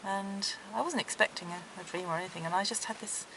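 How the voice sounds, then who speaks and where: Middle-aged woman telling dreams gently, bright forward voice, faint hiss behind. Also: mid-range voice, fast, low-quality recording. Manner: gentle, earnest storytelling with soft laughs. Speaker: interviewee. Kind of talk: recounting dreams in a relaxed interview.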